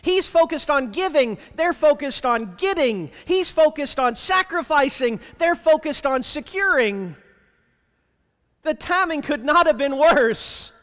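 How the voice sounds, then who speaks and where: A man with a very high voice preaches a sermon in a church sanctuary, and the sound rings out with a long reverb. He is plainspoken and wry, and he keeps turning to the congregation with rhetorical questions. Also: expressive, unhurried, a bit bright. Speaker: pastor.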